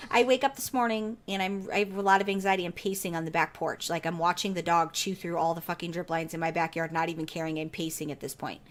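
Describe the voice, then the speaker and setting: A woman's voice: lowish voice, fairly even intonation, quick pace. A woman in her thirties hosting a podcast, telling a casual, profane story with laughter. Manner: laughs while telling stories. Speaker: podcast host. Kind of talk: casual chat.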